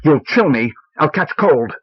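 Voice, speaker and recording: A man's voice: fairly high pitch, lively intonation, unhurried, slightly rough, voice pushed up. A man voicing a sickly, petulant husband who whines and complains, on a muffled old cassette recording. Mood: whining. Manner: whiny and complaining.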